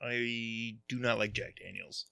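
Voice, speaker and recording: A man's voice: on the low side, steady tone, unhurried, vocal fry, pushed and bright, dry recording, clean studio sound. A man guest in a casual chat, answering in short, matter-of-fact replies. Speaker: guest whiskey collector.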